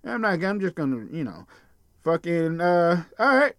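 A man's voice: on the high side, sing-song, normal speed, a bit bright, no echo. A man hosting a podcast, ranting casually about a news story, swearing bluntly and stumbling over names as he reads. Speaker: podcast host. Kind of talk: casual profane rant reading a news story.

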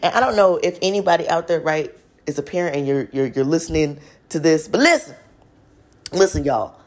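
A woman's voice: low-pitched, fairly quick. Chatty young woman talking faith. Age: 20s. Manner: chatty and earnest, addresses listeners as y'all. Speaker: vlogger. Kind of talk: casual faith talk to viewers.

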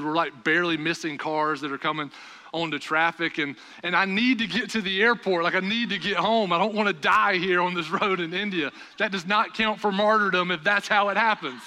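A young man preaching a sermon, telling a story with animated storytelling and raised voices for the dialogue. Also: sits high. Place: church sanctuary. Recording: long hall reverb.

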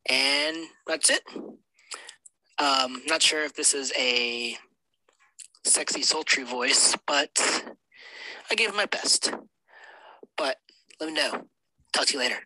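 A man leaving a relaxed recorded voice message for a podcast, with a few whispered asides. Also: mid-range voice, slow pace, long pauses, no room sound, low-quality recording.

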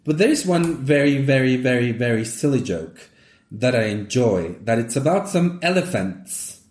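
A man with a mid pitch and lively, swooping intonation, chatting casually about comedy and slipping into playful voices for his jokes. The room is echoey and roomy. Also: normal speed. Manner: animated storyteller, acts out joke voices. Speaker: comedian guest.

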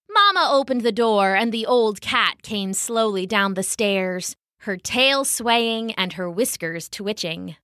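Brief: bright, expressive female narrator for a children's bedtime story, unhurried delivery. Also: mid-range voice, no room sound, clean studio sound.

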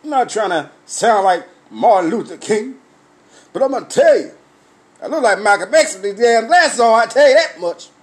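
A man with a high, lifted voice delivers a profane comic rant. He tells the story loudly and repeats himself, acting out his own confrontations as he goes. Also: expressive, normal speed. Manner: loud, repetitive, swearing storyteller who acts out confrontations.

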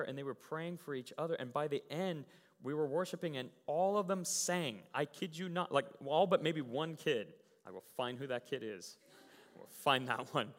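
A man giving a casual sermon as a pastor, telling stories in an animated way with many fillers and repeated words. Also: fairly high pitch. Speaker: youth pastor. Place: church sanctuary. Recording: church hall with long reverb.

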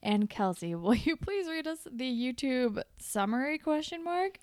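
A woman's voice: high-pitched, expressive, measured pace, a little mellow, smooth, no echo. A young woman co-hosting a casual podcast chat, laughing often and filling her talk with "like". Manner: laughs often, lots of fillers like "like". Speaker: podcast co-host.

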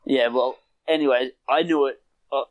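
A man's voice: medium pitch, steady tone, normal speed, no echo, highs cut off. A man in casual chat with a friend, laughing often and acting out quotes with some swearing.

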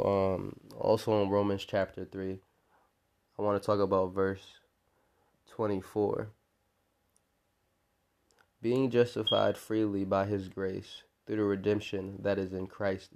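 Low gravelly man giving earnest encouragement. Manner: earnest, rambling with repeated words. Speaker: podcast host. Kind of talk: informal religious encouragement.

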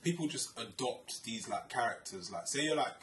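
A man's voice: medium pitch, lively intonation, normal speed, fairly bright tone, recorded from a distance, a little hiss or hum. A man, musing casually and leaning on filler words as he thinks aloud. His voice sits back from the mic in an echoey room. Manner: thoughtful, lots of filler "like". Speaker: podcast co-host. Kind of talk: casual chat.

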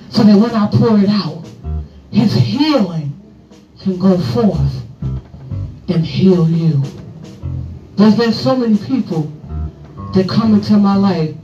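A high-pitched male pastor with a drawl preaches at an unhurried pace, stretching his lines and lifting some into song. He sounds distant in a reverberant church. A guitar plays underneath him. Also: warm tone, dull audio. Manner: slow, drawn-out preaching that swells into sung phrases. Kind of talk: sermon. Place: church sanctuary. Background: guitar music.

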